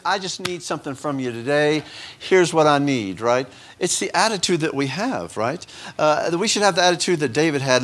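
A man's voice: a little high, fairly bright tone. A man preaching a sermon in a folksy, joking way, asking the congregation questions.

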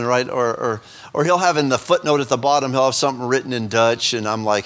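A man's voice: medium pitch, quick pace, fairly bright tone. A middle-aged man preaching a sermon, rambling through self-deprecating asides between scripture readings. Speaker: pastor.

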